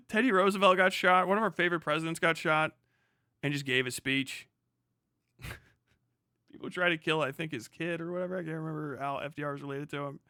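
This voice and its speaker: A man's voice: fairly high pitch, a little fast, pauses often, bright, forceful tone, no room sound, studio quality. A young American man hosting a livestream, ranting in casual, profane, sarcastic commentary with frequent laughter. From United States. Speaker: livestream host.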